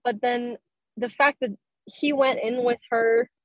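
A young woman goes over the scenes slowly, and she sounds moved. Her voice is a little high. The sound is close and dry. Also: fairly even intonation, dry recording, lo-fi sound. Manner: emotional, unhurried recounting. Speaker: podcast guest. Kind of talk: casual chat.

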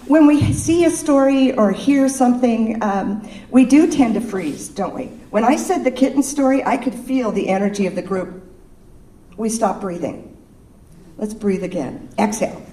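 A woman leads a casual spiritual talk, joking with her listeners and guiding them through breaths. Her voice is mellow and soft-edged. It sounds distant from the mic and rings through a roomy hall. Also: on the high side. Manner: playful, chatty, laughs with the audience. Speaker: speaker at a spiritual service. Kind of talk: informal sermon with breathing exercises. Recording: echoey room, distant mic.

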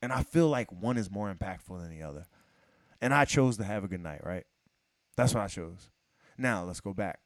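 A man telling a long story in casual chat, profane and animated, acting out what people said to him. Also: low voice, normal speed, no echo.

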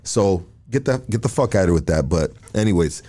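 A man hosting a podcast, asking relaxed follow-up questions and talking casually with some hesitation. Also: low-pitched, fairly quick. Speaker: podcast host. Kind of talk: casual interview.

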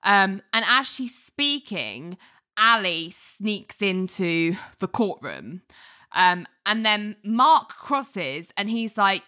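Bright, chatty woman recapping a show. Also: medium pitch, lively intonation, slow pace, smooth. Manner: chatty retelling with acted quotes, many fillers. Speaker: podcast co-host recapping a TV episode. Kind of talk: casual chat.

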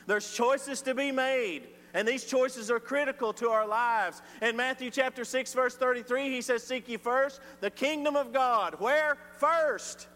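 A man preaching a sermon, swinging from loud emphatic lines to quiet ones. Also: very high-pitched, moderate pace, few pauses. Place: church sanctuary. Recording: reverberant church hall with faint hum.

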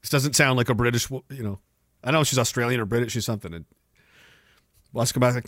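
A man's voice: mid-range voice, quick pace, long pauses, fairly bright tone, dry recording, studio quality. A young man hosting a livestream, ranting casually and sarcastically with lots of swearing while reading viewer chat. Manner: profane, sarcastic, acts out mocking voices.

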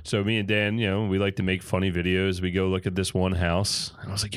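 A man tells a story on a podcast, joking and swearing as he goes. He talks fast in a lowish voice, recorded close and dry. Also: level tone, clean tone, dry recording. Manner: quick, profane, joking. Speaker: podcast co-host, firefighter. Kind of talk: casual storytelling.

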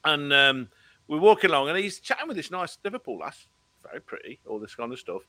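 A man's voice: fairly high pitch, a little fast. A man in casual chat, telling stories with lots of laughter and putting on accents. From England. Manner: animated storyteller, laughs often, puts on accents. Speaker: co-host.

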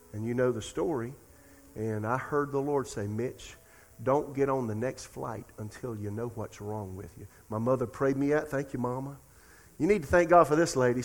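A middle-aged male pastor preaching a sermon and telling a story in a lively, talk-to-the-congregation manner. His voice sits at an ordinary middle pitch. It rings out with a long church reverb from the sanctuary. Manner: storytelling, animated and conversational.

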